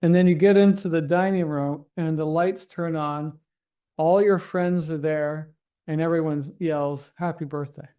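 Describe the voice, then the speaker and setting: A man's voice: fairly high pitch, steady tone, measured pace, mellow, clear, resonant tone. A man teaching a group about stories and the nervous system, walking them through an imagined scene in a conversational way, with many restarts and acted-out inner thoughts. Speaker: therapist teaching trauma recovery. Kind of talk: guided storytelling and teaching.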